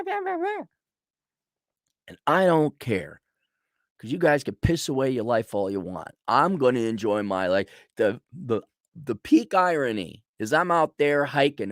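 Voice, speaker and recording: A man's voice: fairly high pitch, no echo, clean studio sound. A man hosting a casual ranting monologue, blunt and sarcastic. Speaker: host.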